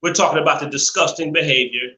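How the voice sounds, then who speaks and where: This man has a high, very bright and piercing voice that rings out in an echoey room. He hosts a live call-in stream in a preachy, opinionated way, stretching his points out slowly and laughing often. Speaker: live show host.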